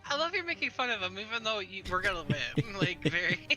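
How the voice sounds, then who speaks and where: A woman's voice: medium pitch, sing-song, brisk, pushed and bright, faint music behind. A woman playing a tabletop game, chatting in a giggly, teasing way. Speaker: player. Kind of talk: casual chat at a tabletop game.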